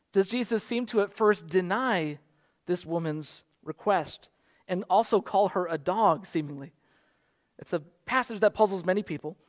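A man in his thirties, a pastor, preaching a sermon in an earnest manner that builds to fervent exhortation. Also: high-pitched.

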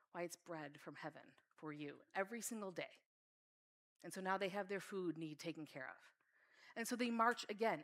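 A woman's voice: mid-range voice, a bit bright. A woman preaching a sermon in an earnest, heartfelt way. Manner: earnest, reads scripture aloud with feeling.

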